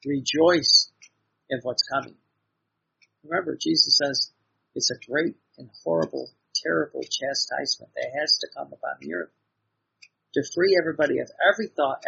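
Gravelly, husky man preaching earnestly. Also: fairly high pitch, pushed and bright. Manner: earnest, repetitive exhortation with restarts. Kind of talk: devotional sermon. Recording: dull lo-fi recording.

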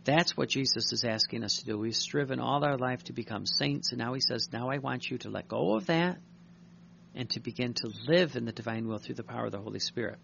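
Male priest, earnest sermon delivery, repeats himself, gravelly tone. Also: mid-range voice, pushed and bright, muffled recording, slight background noise. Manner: earnest, repeats words, reads aloud slowly then tells stories. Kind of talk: sermon reading and commenting on a devotional text.

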